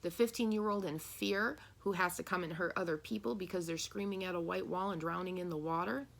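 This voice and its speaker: Her lowish voice is creaky, fairly even in intonation, and a little fast. Reading tarot and channeling messages, this woman speaks earnestly, poses rhetorical questions to listeners, and performs quoted voices.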